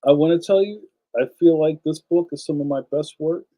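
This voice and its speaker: A man's voice: fairly high pitch, brisk, dark tone, poor audio. A man hosting a casual livestream, chatting enthusiastically and speaking straight to his viewers. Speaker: livestream host and cartoonist.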